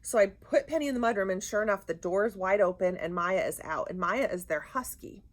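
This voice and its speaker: Animated storytelling woman podcaster. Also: a little fast. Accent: Rhode Island. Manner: animated storyteller, acts out quotes with big pitch jumps. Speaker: podcast co-host. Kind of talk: casual chat.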